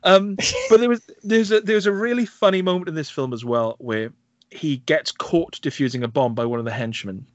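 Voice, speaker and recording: A man's voice: a little high, moderate pace, dry recording. Chatty man with dull, dry sound. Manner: animated storytelling, acts out quoted lines, laughs often. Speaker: podcast host reviewing films. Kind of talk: casual film review chat. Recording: dry, slightly dull podcast audio.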